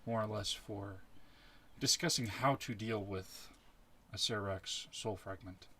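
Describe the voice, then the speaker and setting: A man narrating a tabletop game as its game master in a slow, measured way. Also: lowish voice, pushed and bright.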